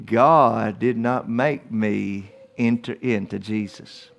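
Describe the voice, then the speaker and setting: A man's voice: lowish voice, slow pace, vocal fry. A man preaching a verse-by-verse Bible study in a church, emphatic and repetitive, not from Australia. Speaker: pastor.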